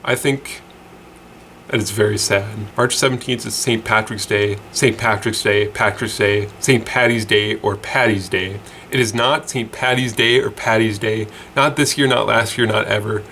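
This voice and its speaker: A man's voice: on the low side, a bit bright, slight background noise. A man hosting a casual weird-news show, chatty and rambling with lots of fillers and restarts. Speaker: host.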